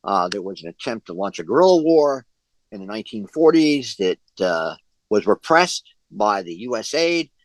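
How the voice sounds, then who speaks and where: A man leading a group discussion on a video call, his voice on the low side. He talks in long, halting stretches full of fillers and restarted phrases. The sound is dry, with no room echo. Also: sing-song. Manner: hesitant, many fillers and restarts. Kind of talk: online discussion session.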